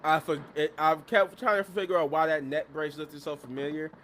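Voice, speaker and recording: Man, somewhat high voice, casual rambling recap, excitable, laughs easily. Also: normal speed. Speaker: wrestling show reviewer. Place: at his workplace.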